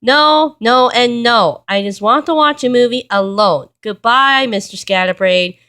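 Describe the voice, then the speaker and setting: A woman voicing a gruff, grumbling grouchy cartoon man in a storybook reading. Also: a little high, a little slow, bright, forceful tone. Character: grouchy cartoon man who wants quiet.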